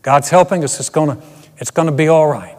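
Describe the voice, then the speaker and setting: Earnest pastor preaching in a reverberant hall. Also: male voice, on the high side, fairly quick, darkish tone. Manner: earnest, emphatic preaching with repeated restarts. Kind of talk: sermon. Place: empty church auditorium.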